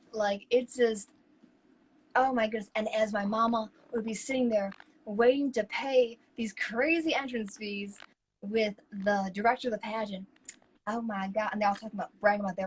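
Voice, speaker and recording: A woman co-hosting a talk show, telling stories in a lively, chatty way. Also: a little high, slightly rough, low-quality recording. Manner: animated, chatty, acts out quoted people. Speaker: co-host. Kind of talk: casual chat, personal storytelling.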